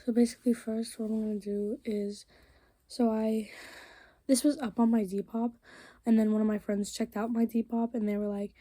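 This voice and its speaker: Teen girl rambling to her phone, soft mellow tone, dry close sound, lots of likes and ums. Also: fairly high pitch, fairly even intonation, normal speed, no room sound. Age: teens. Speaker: vlogger. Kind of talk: casual rant while crafting.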